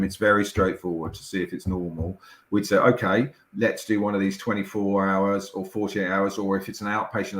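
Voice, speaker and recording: A middle-aged man, a doctor explaining things in a measured, reassuring way with frequent restarts. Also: lowish voice. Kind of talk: explaining as an interview guest. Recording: echoey room sound.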